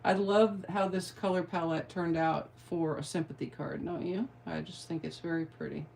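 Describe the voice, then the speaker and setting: A woman's voice: lowish voice, fairly even intonation, moderate pace, creaky, darkish tone, slight background noise. A middle-aged woman giving a card-making tutorial, chatty and playful, with rambling asides. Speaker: craft demonstrator.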